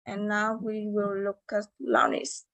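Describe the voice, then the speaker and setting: A woman's voice: medium pitch, very animated, a little slow, gravelly, fairly bright tone, no echo, poor audio. A young woman giving a class presentation, reading carefully with hesitations and restarts. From Vietnam. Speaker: student presenter. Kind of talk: class presentation on word stress.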